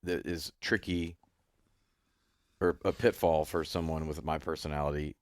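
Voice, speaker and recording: A man speaking as a podcast guest, reflecting on marriage in a halting, thoughtful way. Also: rumbling low, fairly even intonation, no room sound, clean studio sound. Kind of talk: casual conversation.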